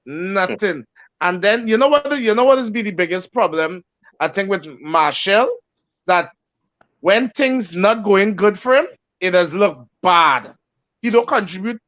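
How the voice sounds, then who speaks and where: A man's voice: high-pitched, expressive, unhurried, a bit bright, no echo. A man giving emphatic, opinionated football talk as a co-host. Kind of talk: casual football chat. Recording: dry dull lo-fi audio.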